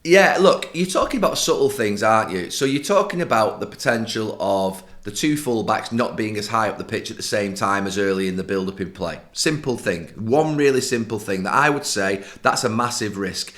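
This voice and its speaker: A middle-aged man with a fairly low voice, talking football on a podcast. He lays out tactics at length in a firm, emphatic way, sure of his opinions. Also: animated, moderate pace, few pauses, fairly bright tone. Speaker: podcast co-host, football pundit. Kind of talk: casual football discussion.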